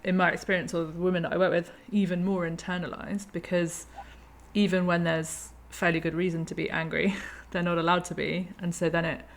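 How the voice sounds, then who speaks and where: A woman in her thirties hosting a conversation, thoughtful and quick to laugh. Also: lowish voice, level tone, slight background noise. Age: 30s. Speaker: podcast host. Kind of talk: reflective conversation.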